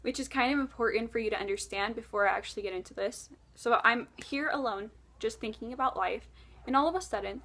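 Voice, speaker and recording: A woman vlogger recounting a dream straight to the camera, chatty and animated, with frequent "like" fillers. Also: on the high side. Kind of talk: storytelling to camera.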